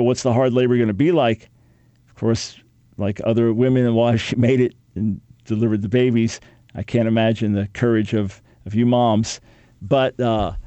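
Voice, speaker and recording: An older man in his sixties teaching a sermon, reading Bible verses and acting out dialogue with God in an animated way. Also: mid-range voice, no echo.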